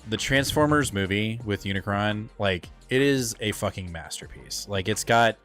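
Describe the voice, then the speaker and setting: A man with a fairly low voice chats excitedly and rambles at a normal pace during a casual live stream, where he co-hosts a comic book show. He sprinkles in filler words and offhand swearing, with faint music in the background.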